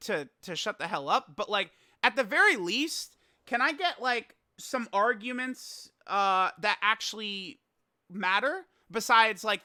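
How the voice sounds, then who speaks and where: A young man with a high, pushed, bright voice gives casual reaction commentary as a gaming YouTuber. He sounds exasperated and laughing, rambling with stammered restarts. The recording is clean studio sound with no room sound.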